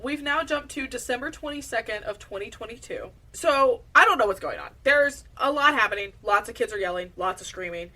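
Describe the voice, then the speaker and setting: A woman's voice: on the high side, expressive, a little fast, hardly any pauses, sharp tone, distant mic. A woman co-hosting a podcast, recapping a documentary in casual, profane, mocking rants. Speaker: podcast co-host. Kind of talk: casual chat recapping a true-crime documentary.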